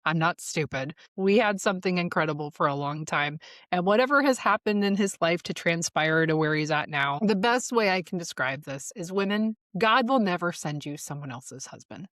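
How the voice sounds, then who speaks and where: A woman's voice: fairly low pitch, animated, moderate pace, a bit bright, no room sound, clean studio sound. Candid, heated woman podcast host. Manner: candid and profane, rising to heated outbursts; laughs often while speaking. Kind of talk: candid solo podcast monologue. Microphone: studio mic.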